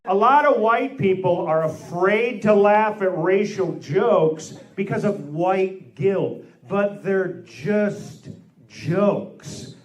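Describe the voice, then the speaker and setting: A man doing a stand-up comedy set with deadpan delivery and crowd work in a large theater. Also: high-pitched, takes it slowly. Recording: echoey hall with loud noise and crowd.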